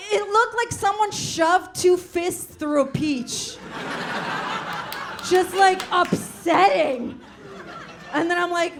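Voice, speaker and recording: A high-pitched young woman performing stand-up comedy, telling her story at an unhurried pace and laughing through it. She often breaks into loud shouted voices, with a faint hum of ambience behind her.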